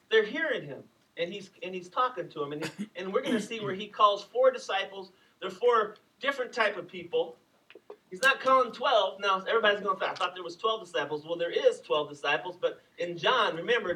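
Middle-aged guy preaching, high bright voice, chatty and lively, mic kinda far off. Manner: animated, conversational preaching with asides. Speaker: pastor. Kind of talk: sermon.

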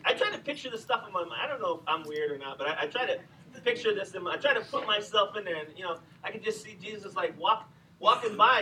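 A middle-aged man preaching a sermon in an animated, conversational way, with asides to his listeners. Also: high-pitched, distant mic, slight background noise, rough recording. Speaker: pastor.

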